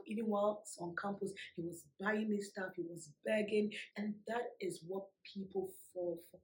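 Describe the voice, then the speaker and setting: A woman vlogger telling a personal story to her viewers in an emphatic, animated way, laughing often. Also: mid-range voice, poor audio. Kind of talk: storytime vlog.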